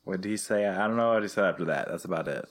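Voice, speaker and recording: A man co-hosting a casual comedy podcast, sarcastic and deadpan, swearing freely. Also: low voice, very fast. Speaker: podcast co-host. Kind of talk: casual comedic recap chat.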